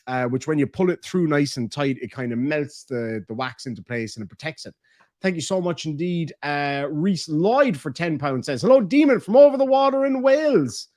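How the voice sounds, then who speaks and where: A man's voice: fairly high pitch, no echo, studio quality. A man with an Irish accent hosting a livestream, reading out viewer messages in a casual, joking, playfully crude way. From Ireland. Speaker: livestream host.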